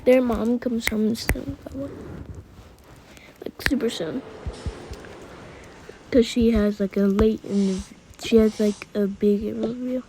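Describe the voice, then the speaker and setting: A woman's voice: fairly high pitch, fairly even intonation, slow pace, pauses often, noisy background. A woman chatting as she plays a pretend game, voicing her characters and now and then shrieking for a crying baby. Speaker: player narrating a pretend-play game. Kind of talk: casual play narration with character voices.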